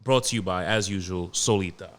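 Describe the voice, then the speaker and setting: Dude in his late 20s ranting solo on his podcast, kinda low voice, swears a lot, all over the place. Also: brisk, very noisy. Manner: profane, animated, rambling. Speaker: podcast host. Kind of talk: casual solo podcast rant.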